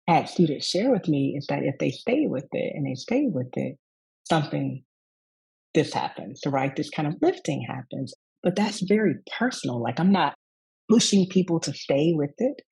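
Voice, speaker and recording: A woman's voice: sits low, gravelly, slightly rough, low-quality recording. A woman from the Southern United States, a rest coach and yoga teacher, telling a reflective story in a summit interview. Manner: warm, reflective storytelling with acted quotes.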